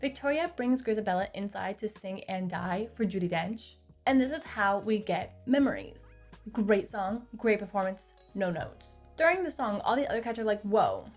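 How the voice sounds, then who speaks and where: A woman's voice: mid-range voice, lively intonation, normal speed, soft background music. A young woman recapping a movie in a casual, chatty way, with sarcastic asides, recorded on a close mic. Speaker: movie reviewer.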